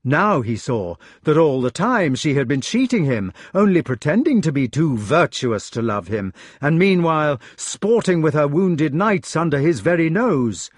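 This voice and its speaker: A man's voice: a little high, very animated, measured pace, few pauses, dry recording, clean studio sound. A man reading a novel aloud as an audiobook narrator, telling the story expressively. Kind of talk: scripted narration.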